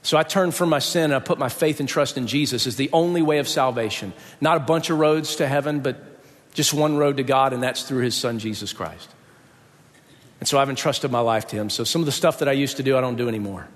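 He speaks a little fast, his medium-pitched voice filling a large hall. The sermon takes the form of a personal story, with the preacher acting out the characters' lines.

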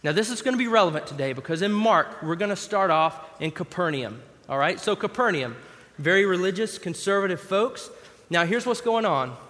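Man, pastor, chatty sermon, slightly high voice, long reverb, big church hall. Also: lively intonation, fairly quick, fairly bright tone. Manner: conversational, acts out the scripture scenes.

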